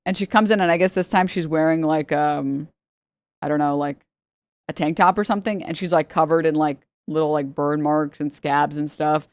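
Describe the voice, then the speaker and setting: A woman's voice: low-pitched, steady tone, moderate pace, no echo. A woman streamer telling a rambling story in casual chat, laughing often and mimicking the people in it. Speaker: livestreamer. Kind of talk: casual storytelling to a live audience.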